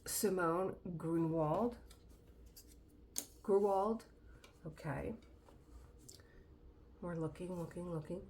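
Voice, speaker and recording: A middle-aged woman hosting her own craft channel, chatting excitedly through an unboxing, trailing off mid-sentence and dropping to a whisper in awe. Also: lowish voice, drawn-out words, long pauses, slight background noise. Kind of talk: casual unboxing chat.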